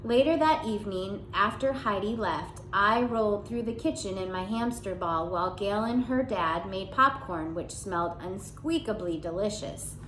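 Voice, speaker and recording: A woman reading a children's chapter book aloud, narrating gently in the first person. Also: mid-range voice, normal speed, hardly any pauses, roomy sound, a little hiss or hum, rough recording. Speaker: audiobook reader.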